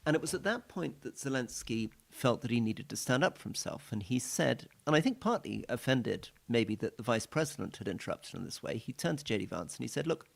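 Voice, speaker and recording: A British man co-hosting a political podcast, recounting events in a measured way. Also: mid-range voice, expressive, creaky. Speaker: podcast co-host.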